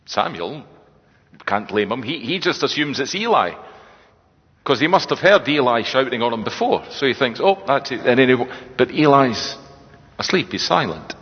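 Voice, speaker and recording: A man delivers a sermon in a thoughtful, conversational manner and lowers his voice for quoted words. His tone is slightly husky, and the sound carries a long reverb of a large hall. The recording itself is dull and lo-fi. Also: sing-song, moderate pace. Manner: reflective, conversational preaching with quoted lines. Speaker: preacher.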